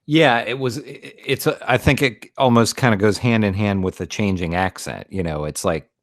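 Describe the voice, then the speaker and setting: A man's voice: on the low side, normal speed, no room sound. A man co-hosting a film review podcast, speaking thoughtfully in casual chat and hedging his points. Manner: thoughtful, hedging, many fillers. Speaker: podcast co-host.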